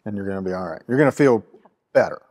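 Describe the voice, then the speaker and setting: Male host, casual and relaxed, rambling friendly questions. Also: fairly low pitch, racing. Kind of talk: casual interview chat.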